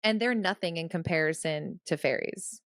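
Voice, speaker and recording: A joking woman co-host on a casual book podcast, with a fairly low, smooth, resonant voice. She laughs often between points. The sound is dry and close. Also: moderate pace, fairly bright tone, no room sound. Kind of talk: casual book-club chat.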